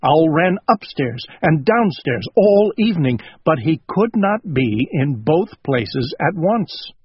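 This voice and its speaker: Male storybook reader, unhurried and gentle, lively pitch; dry, close sound. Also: husky, dry recording. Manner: slow and gentle. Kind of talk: storybook read-aloud. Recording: dull lo-fi recording.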